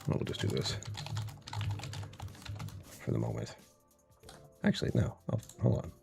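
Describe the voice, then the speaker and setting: A man with a very deep voice chats loosely through his own live stream, wandering between topics and chuckling often. He greets viewers one by one from his computer at home, with soft music playing behind him. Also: very animated, a little slow, vocal fry. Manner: rambling, chuckles often, greets chat by name. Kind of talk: casual livestream chat.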